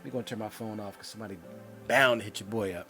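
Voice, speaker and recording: A man's voice: on the low side, steady tone, racing, gravelly, pushed and bright, soft background music. A young man hosting his own vlog from home, talking straight to viewers in a loose, slangy, conversational way. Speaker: vlog host. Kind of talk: casual talk to camera. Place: home room, indoors.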